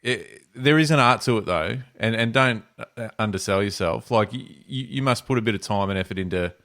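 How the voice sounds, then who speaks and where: A man's voice: on the low side, brisk, fairly bright tone. A man co-hosting a casual podcast, laughing along and stumbling over restarts as he talks. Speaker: podcast co-host.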